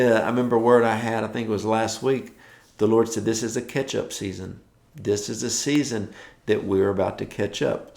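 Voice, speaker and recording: A man's voice: medium pitch, vocal fry, darkish tone, echoey room. A man preaching a morning devotional, exhorting his listeners with repeated declarations, tired from rising early.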